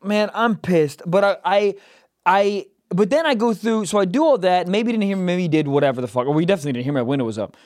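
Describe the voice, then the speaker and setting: A man co-hosting a podcast, telling stories in an animated, profane way and shouting out quoted lines. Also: sits high, fast, no room sound, studio quality. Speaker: podcast co-host. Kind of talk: casual comedic chat.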